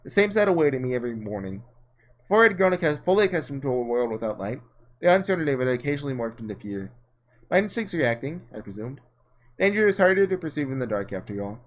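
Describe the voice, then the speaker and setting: A man reading aloud as a frail young woman, in measured, reflective narration, with a lively, varied pitch. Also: natural voice.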